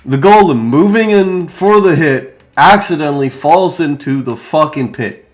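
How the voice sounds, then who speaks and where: A man's voice: a little high, lively intonation, measured pace. A man narrating as game master of a tabletop game, loose and profane, often restarting sentences.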